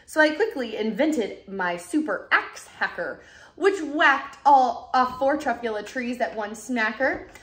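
A woman teacher reading a rhyming storybook aloud, lively and expressive. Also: on the high side, unhurried. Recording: roomy echoey room.

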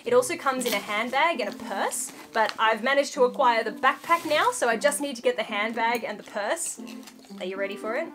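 Young woman, bright high voice, giddy unboxing vlogger, soft music under. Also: brisk. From Australia. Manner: gushing, squealy excitement. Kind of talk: excited casual unboxing chat. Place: home room with a dog nearby.

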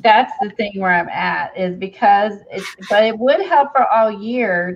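Gravelly rambling woman crafting on camera. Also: on the low side, highs cut off. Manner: rambling, trails off, many restarts. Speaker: craft channel host. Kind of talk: casual chat while painting. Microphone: camera mic from below.

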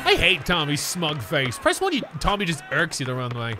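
A man streaming a video game, talking to chat with frustration, swearing and yelling at the screen. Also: on the high side, very animated, normal speed, few pauses. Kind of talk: gaming livestream commentary. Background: game music.

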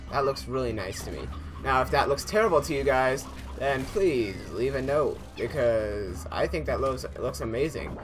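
A young man talking casually over his game, rambling to viewers and yelping when startled. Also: medium pitch. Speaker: gaming YouTuber. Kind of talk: casual let's play commentary.

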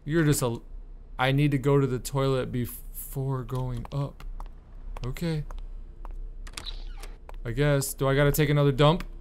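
A man doing let's-play commentary on a horror game, exasperated and swearing, with sudden loud outbursts. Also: mid-range voice, fairly even intonation, measured pace, long pauses, a little hiss or hum. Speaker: gaming YouTuber.

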